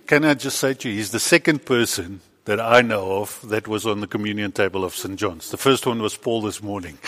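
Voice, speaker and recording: A man preaching a lively story sermon in a church with a child volunteer, playful and animated, with sudden loud bursts. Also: medium pitch, moderate pace, few pauses, in a large hall. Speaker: pastor.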